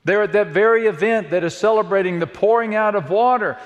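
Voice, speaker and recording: Guy preaching a sermon, kinda high voice, long echo from a big church hall. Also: expressive, quick pace, few pauses. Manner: dramatic, swings from hushed to shouting. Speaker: pastor.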